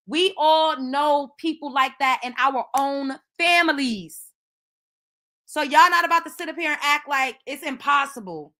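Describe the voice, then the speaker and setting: A woman's voice: high-pitched, measured pace. A young woman hosting a casual livestream commentary, talking animatedly to her chat and swearing freely. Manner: animated, swearing, addresses chat viewers by name. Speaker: host.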